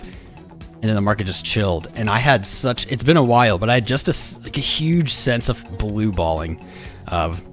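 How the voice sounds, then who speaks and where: A relaxed American man hosts a casual live stream, chatting loosely and greeting viewers by name. His voice sits on the low side and is a touch hoarse. Faint music plays behind him. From United States. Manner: laid-back, greets chat by name, rambling. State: slightly losing his voice. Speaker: crypto livestream host. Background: music playing.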